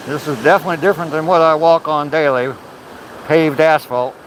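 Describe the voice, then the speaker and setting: A man's voice: on the high side, fairly even intonation, fairly quick, a little hiss or hum, low-quality recording. Chatty older man on a hiking livestream. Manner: chatty and loose, swears casually; walking down a rocky trail while talking. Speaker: livestreaming vlogger. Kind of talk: casual live-stream chat. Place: outdoor forest trail by a waterfall.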